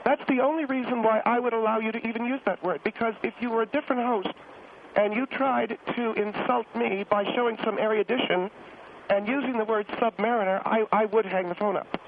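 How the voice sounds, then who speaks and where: A man's voice: sits high, steady tone, a little fast, creaky, voice pushed up. A man voicing a prickly, haughty middle-aged woman who calls in to a radio show and talks down to the host. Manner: indignant, huffy and condescending. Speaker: radio guest on the phone. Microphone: telephone. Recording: tinny phone line, faint hiss.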